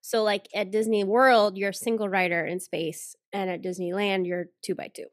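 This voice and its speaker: A woman's voice: medium pitch, little pitch movement, moderate pace, no room sound, studio quality. A woman from the American South with a Southern accent, telling stories on a casual podcast and laughing often. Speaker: podcast co-host.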